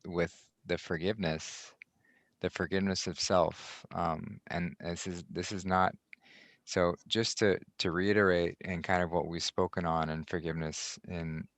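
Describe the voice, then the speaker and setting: A man hosting a podcast, speaking softly and haltingly with many restarts. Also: low voice, little pitch movement, dry recording. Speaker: podcast host. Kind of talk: reflective podcast talk.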